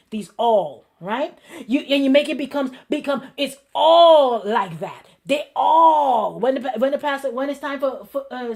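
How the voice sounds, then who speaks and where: A woman pastor giving a conversational sermon as host of her show, lively and repetitive, acting out the people she quotes. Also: sits high.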